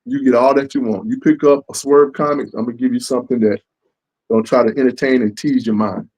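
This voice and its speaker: A man talks about making his comics in a loose, casual interview. He keeps acting out what his fans say to him, lifting and dropping his voice as he does. His voice sits at a middle pitch. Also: fast, low-quality recording. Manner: animated, acts out fans' lines. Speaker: comic book creator.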